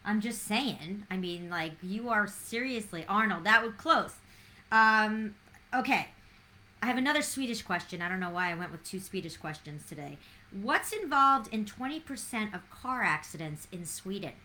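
Excitable woman hosting trivia. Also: medium pitch, moderate pace. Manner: chatty and excitable, asks questions to listeners by name. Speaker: trivia host. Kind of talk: casual trivia chat.

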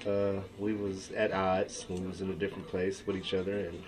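A man co-hosting a podcast in loud, profane, teasing casual chat. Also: low voice, level tone, moderate pace, noisy background. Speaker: podcast co-host.

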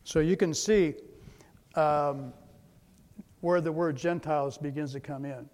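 A man's voice: a little high, fairly even intonation, measured pace, a little mellow. A man giving a slide presentation lecture, methodical, spelling out words letter by letter. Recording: long hall reverb.

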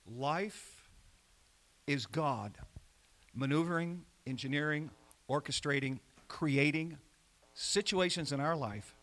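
A man preaching a sermon, calling out to the congregation and swinging between loud emphasis and quiet asides. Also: fairly high pitch, takes it slowly, long pauses. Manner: animated preaching with call-and-response. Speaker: pastor.

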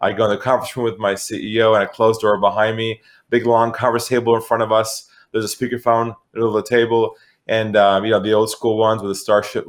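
A middle-aged man from California, a guest on an interview podcast, telling a sales story in a lively, animated way. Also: lowish voice. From San Diego, California. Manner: animated storyteller who acts out quoted voices. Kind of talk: conversational storytelling.

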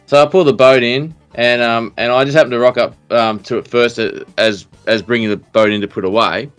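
A man's voice: mid-range voice, steady tone, fairly quick, a bit bright, clear, resonant tone, soft background music. An Australian man hosting a casual podcast chat, telling stories with many restarts and fillers. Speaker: podcast host.

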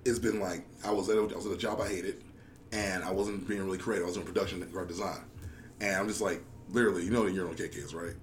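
Laid-back podcast host, male, quick and slangy, lowish voice, faint hiss behind. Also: steady tone. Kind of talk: casual chat.

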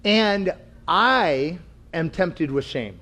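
Man, high lively voice, laughing storyteller, casual couple chat. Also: extremely slow. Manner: animated, laughing, acts out quotes. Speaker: co-host, husband.

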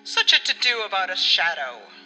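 A woman's voice: lowish voice, sing-song, sharp tone, heavily acted. A woman doing a brusque brother feigning ease. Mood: forced ease. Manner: brisk, with forced ease. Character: forceful middle-aged brother hiding his dread. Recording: long reverb with faint music.

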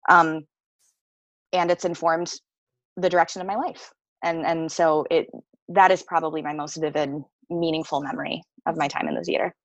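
A woman's voice: sits low, steady tone, moderate pace, dry recording, dull audio. A woman actor telling stories in a casual interview, candid and laughing often, swearing freely.

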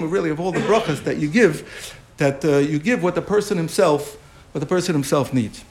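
A man's voice: a little high, gravelly, a little hiss or hum. A man giving a Torah class lecture as the teacher, explaining through a parable and often repeating and restarting his phrases.

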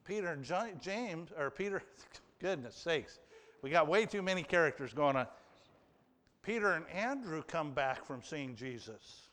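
A man's voice: on the high side, animated, a little slow, fairly bright tone. A man preaching a sermon in a conversational way, asking the congregation questions and acting out the people in the story. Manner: conversational, asks the congregation questions, acts out quotes. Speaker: pastor. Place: church hall with an audience. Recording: long hall reverb.

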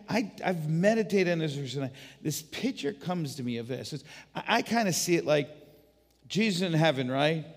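A male pastor with a fairly high voice delivers an animated, storytelling sermon, often restarting his phrases. His words echo with a long reverb in a church sanctuary. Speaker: guest pastor.

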